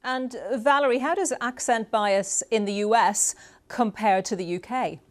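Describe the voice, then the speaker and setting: A woman hosting a broadcast interview, putting questions to guests with measured, slightly hesitant delivery. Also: a little high. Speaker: radio host.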